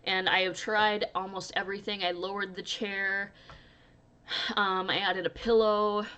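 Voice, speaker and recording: A woman's voice: mid-range voice, level tone, a little slow, sharp tone, clear, resonant tone, lo-fi sound. A young woman vlogging casually to camera, chatty and storytelling, laughing often as she talks. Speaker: crochet vlogger.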